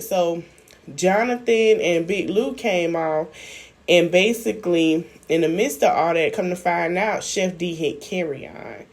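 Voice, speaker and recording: A woman's voice: lowish voice, a little slow, a little mellow. A woman hosting her own channel, chatting casually through a reality-show recap and talking straight to her viewers. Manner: chatty, addresses viewers as y'all, acts out quotes. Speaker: YouTube channel host.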